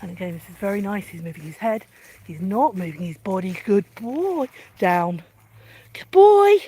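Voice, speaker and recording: A woman dog trainer giving a live demonstration, calmly explaining each step and breaking into high, gushing praise for her dog. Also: normal speed, slight background noise.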